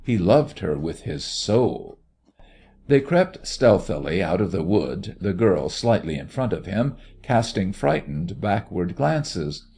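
A man narrating a story in a measured, expressive reading voice. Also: sits low, gravelly, slightly rough. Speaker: audiobook narrator.

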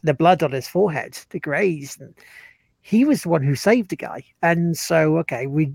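A man's voice: on the high side, animated, moderate pace, vocal fry, a little mellow, breathy edge, no room sound. A man, co-hosting a gaming stream and telling a rambling story. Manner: rambling, laughs at own stories. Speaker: co-host. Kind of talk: casual chat, storytelling.

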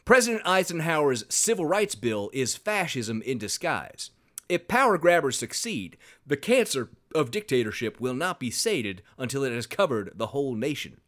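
A man's voice: medium pitch, very animated, moderate pace, fairly bright tone. A man voicing a Southern newspaper editorialist with a folksy drawl and a Southern US accent. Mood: indignant.

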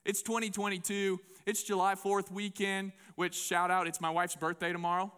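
A man preaching a sermon to a congregation in an animated, conversational way. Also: sits high, moderate pace, clean tone. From United States. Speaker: pastor. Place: church before a congregation.

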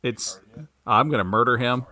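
A man's voice: medium pitch, normal speed, bright, forceful tone. A man as a podcast guest in casual chat, wry and joking.

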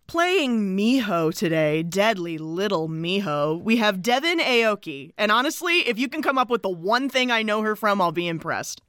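A woman's voice: medium pitch, big pitch swings, normal speed, few pauses, fairly bright tone, dry recording, clean studio sound. A woman co-hosting a casual movie podcast, laughing often as she runs through the cast. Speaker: podcast co-host.

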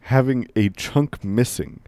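A man's voice: mid-range voice, sing-song, takes it slowly, warm tone, no room sound. A man casually chatting on a podcast, rambling with lots of fillers. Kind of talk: casual chat.

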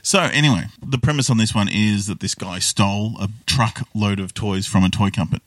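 A man's voice: fairly low pitch, a little fast, a bit bright, no room sound, recorded from a distance. A man, co-hosting a casual chat and rambling loosely through a sitcom recap, swearing now and then. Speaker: podcast co-host.

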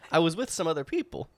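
A man's voice: a little high, a bit bright, no room sound. A man playing a tabletop game, playful and goofy, often laughing. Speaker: player. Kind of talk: casual tabletop role-play.

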